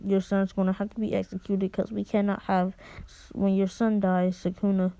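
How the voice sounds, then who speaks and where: A woman's voice: medium pitch, flat delivery, normal speed, gravelly, dark tone, clean tone, dry recording, close to an everyday voice, rough recording. Woman playing a stern school official. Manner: stern, rambling warning.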